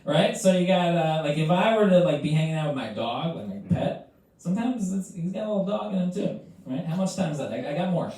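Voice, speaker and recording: A man, a comic, rambling and halting through a stand-up debate rebuttal. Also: on the high side, expressive, a little mellow. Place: comedy club stage. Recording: very echoey room from far off.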